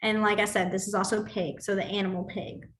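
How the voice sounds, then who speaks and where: A woman's voice: mid-range voice, a little fast, slight background noise. A woman teaching a casual sign language class, chatty and full of fillers as she demonstrates and tells stories. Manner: chatty, filler-heavy, animated storytelling.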